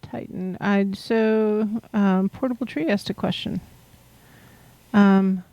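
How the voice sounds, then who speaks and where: Mellow-voiced woman rambling casually. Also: mid-range voice, fairly even intonation, slow, dry recording, dull audio. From Pacific Northwest, USA. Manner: rambling, many fillers, laughs easily. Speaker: host. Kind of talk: casual livestream chat about chakras.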